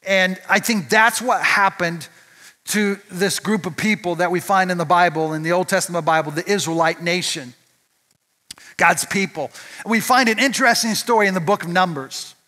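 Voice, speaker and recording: Bright, high-voiced male pastor preaching. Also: moderate pace. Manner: conversational, asks the audience rhetorical questions. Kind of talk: sermon. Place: church.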